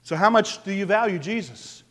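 High-voiced man preaching in an echoing hall. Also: moderate pace. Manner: animated, asks the congregation questions. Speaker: pastor. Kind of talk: sermon. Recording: long reverb of a large hall.

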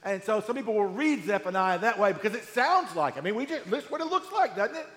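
A man preaching a sermon to a live congregation in a conversational, animated way, asking them questions. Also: high-pitched, fast talker. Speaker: pastor. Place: church hall with live congregation. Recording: echoey hall, roomy reverb.

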